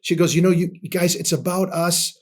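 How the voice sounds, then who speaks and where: A man in his sixties, a podcast guest sharing a personal testimony in an earnest storytelling way, often dropping soft and low. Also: steady tone, fairly quick. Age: 60s.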